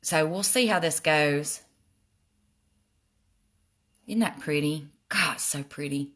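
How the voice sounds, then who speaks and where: An older woman with a Southern drawl talks through her makeup in a loose, self-deprecating way, answering viewers as she goes. Her voice sits a little low. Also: slow, a bit bright. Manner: chatty, self-deprecating, reads comments aloud. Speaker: makeup live streamer. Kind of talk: casual makeup tutorial live stream.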